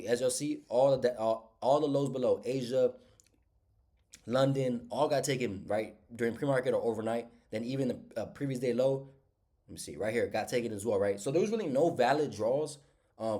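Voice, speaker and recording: A man's voice: mid-range voice, fairly quick, mellow. A congested man, casually recapping his day trades for viewers in a slangy, talkative way.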